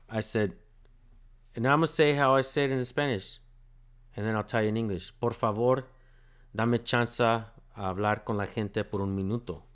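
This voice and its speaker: A man's voice: on the low side, smooth. A man hosting a casual livestream, telling a story bluntly with lots of swearing and thanking his viewers. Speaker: channel host filming police.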